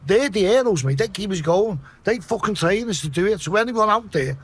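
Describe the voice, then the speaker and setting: A man with a Liverpool accent telling a story in a casual way, swearing a lot and acting out his own shouts. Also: high-pitched, animated, fairly quick, slightly rough. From Liverpool, England.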